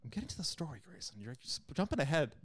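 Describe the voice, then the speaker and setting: A young man tells a rambling, profane story at a fast clip. He swears freely and plays out his own exasperated reactions. The sound is close and dry, with no room in it. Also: on the high side, very animated, no echo. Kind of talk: casual storytelling chat.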